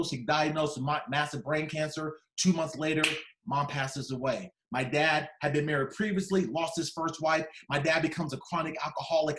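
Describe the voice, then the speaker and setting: A man's voice: fairly high pitch, roomy sound. A man in his fifties from Ohio giving an emphatic motivational keynote, building his point through repeated phrases. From Dayton, Ohio, USA. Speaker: keynote speaker. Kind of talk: motivational storytelling speech. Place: large conference hall.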